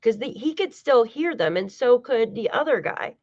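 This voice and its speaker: Chatting casually to her chat, an American true-crime streamer swears and laughs often, her slightly high voice darkish in tone with lively intonation at a moderate pace. The recording is dull and lo-fi, dry and close, without room echo.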